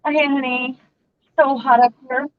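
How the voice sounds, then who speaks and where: A woman's voice: sits high, a little slow, no room sound. Chatty woman on a craft call. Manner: chatty, animated exclamations. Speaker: craft group member. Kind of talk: casual chat during a craft video call. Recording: dull, lo-fi sound.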